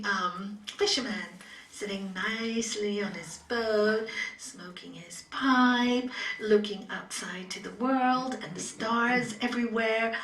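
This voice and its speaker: A woman's voice: mid-range voice, a bit bright. A woman yoga teacher giving a spiritual talk to a class, telling stories, laughing often and dropping to whispers. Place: yoga studio. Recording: roomy studio from far off.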